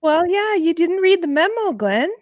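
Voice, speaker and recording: A woman's voice: very high voice, big pitch swings, moderate pace, dry recording, clean studio sound. A woman from Canada, a guest and fellow podcaster, chatting casually and teasing the host. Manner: playful, teasing. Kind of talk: casual chat.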